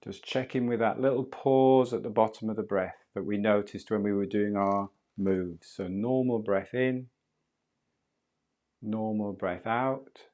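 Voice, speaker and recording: A man leading a guided breathwork class, speaking slowly, softly and calmly. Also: lowish voice. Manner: slow, soft and calm guidance. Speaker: breathwork instructor.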